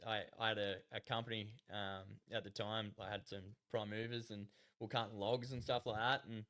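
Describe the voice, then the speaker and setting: A man's voice: on the low side, little pitch movement, moderate pace, a bit bright. Laughing Australian man telling stories. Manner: rambling, laughs often, acts out quoted voices. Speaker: podcast guest. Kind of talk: casual storytelling chat.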